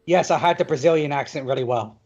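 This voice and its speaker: Higher-voiced Southern guy, deadpan quips, slightly muffled feed. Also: fast talker. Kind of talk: casual comedic chat.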